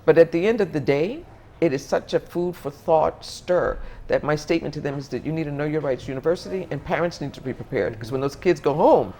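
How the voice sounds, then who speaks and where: An interview guest who talks in a reflective, unhurried way, circling back and restarting sentences as they look for the right words. The voice sits at an ordinary middle pitch. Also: expressive, mellow, slight background noise. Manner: thoughtful, searching for words, frequent restarts.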